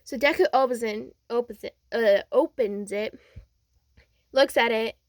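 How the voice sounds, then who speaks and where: A young woman tells a second-person fan story in a casual, rambling way, full of fillers and restarts. Her voice sits fairly high and the recording is close and dry. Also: measured pace, no room sound.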